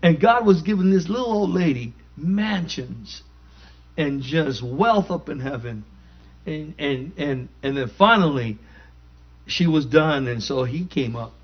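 A man preaching in an emphatic call-and-response style, his voice sitting fairly high. The recording is muffled and lo-fi. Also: lively intonation, a little slow. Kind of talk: sermon. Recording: dull lo-fi recording.

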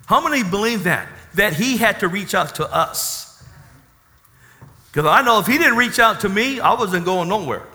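A man's voice: high voice, animated, moderate pace, sharp tone, long reverb tail. A man preaching a sermon with emphatic, call-and-response asides to his congregation. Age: 30s. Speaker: pastor.

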